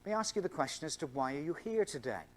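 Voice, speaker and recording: A man's voice: on the high side, sing-song, fast. A man, a scientist giving an earnest public lecture at a university event. He explains with everyday examples and stresses key words. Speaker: scientist giving an evening talk to a student Christian group.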